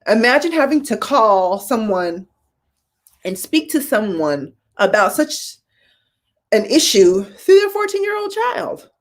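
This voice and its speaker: A woman in her forties, a veteran nurse hosting a live-streamed talk show, speaking casually and growing emotional as she tells hospital stories. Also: mid-range voice. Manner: casual, addresses viewers as y'all.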